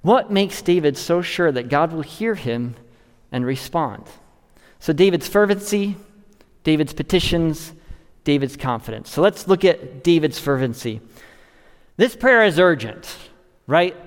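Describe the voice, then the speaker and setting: Earnest preacher in an echoing hall. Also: male voice, lively intonation, a little slow. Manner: earnest, rising to stress and dropping low to close a thought. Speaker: pastor. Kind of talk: expository sermon.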